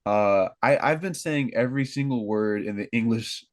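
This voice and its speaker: A man's voice: medium pitch, normal speed, no room sound. A young American man co-hosting a casual podcast, rambling and correcting his own slips with a laugh. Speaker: podcast co-host.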